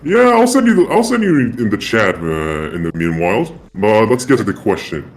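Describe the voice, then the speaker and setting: A man's voice run through a voice changer, pushed very deep. He rambles casually over an online voice chat and circles back to repeat himself. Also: very animated, moderate pace, soft background music. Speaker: caller in a live voice chat. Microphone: online voice chat mic.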